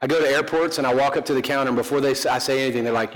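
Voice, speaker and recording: A man's voice: medium pitch, racing. A man preaching a conversational sermon as pastor, joking about himself and throwing questions to the congregation. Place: church sanctuary. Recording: long hall reverb.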